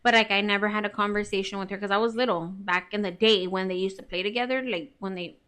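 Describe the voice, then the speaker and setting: A woman's voice: mid-range voice, steady tone, fast talker, fairly bright tone, clean tone. A woman in her thirties, telling a story in casual podcast chat, full of "like" and swearing, acting out what people said. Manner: chatty, says "like" constantly, swears, acts out quoted lines. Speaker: podcast co-host.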